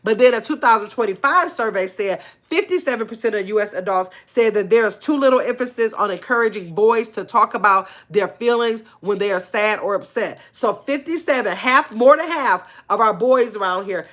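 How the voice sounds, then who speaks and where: An older woman hosting a casual livestream, talking earnestly in relaxed slang and reading viewer comments aloud. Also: fairly high pitch, normal speed. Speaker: livestream host.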